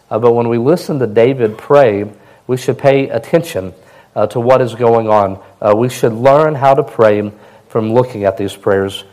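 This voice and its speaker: Slightly hoarse man preaching. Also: medium pitch, a little mellow, low-quality recording. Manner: plain, conversational preaching with fillers. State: a little hoarse. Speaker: pastor. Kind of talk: sermon.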